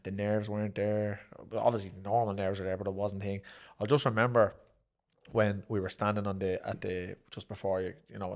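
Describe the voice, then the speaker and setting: A middle-aged Irish man with a lowish voice and vocal fry, a former professional boxer and promoter, tells stories about his fights in a relaxed sit-down interview. He's animated, acting out what people said in raised voices.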